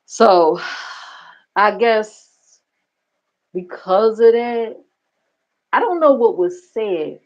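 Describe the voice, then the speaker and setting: A woman hosts her own livestream, talking straight to her viewers in blunt, profane gossip. Her voice sits at a middle pitch. The stream audio sounds dull and lo-fi. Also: animated, very slow, pauses often, a little mellow. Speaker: livestream reaction host. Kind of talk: casual commentary.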